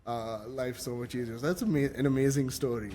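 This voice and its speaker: A man's voice: mid-range voice, fairly even intonation, a little fast, crowd noise. A man hosting a podcast interview, enthusiastically affirming his guest and ending points with a questioning "right?". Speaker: podcast host. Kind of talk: casual interview chat.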